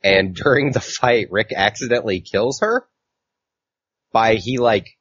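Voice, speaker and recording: A man's voice: lowish voice, unhurried, a bit bright, breathy edge, dry recording. A man co-hosting a casual comic book podcast, recapping a story in a rambling way with lots of fillers. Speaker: podcast co-host. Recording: dull, lo-fi mic.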